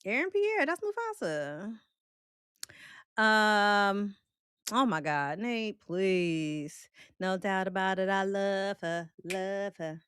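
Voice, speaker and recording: A woman's voice: medium pitch, slow pace, smooth, dry recording, clean studio sound. A woman hosting a casual live stream, reading viewer comments aloud and reacting bluntly with jokes and laughter. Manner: animated, blunt and joking, with frequent laughter; loose, colloquial Southern-tinged phrasing. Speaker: host of a film and celebrity live stream.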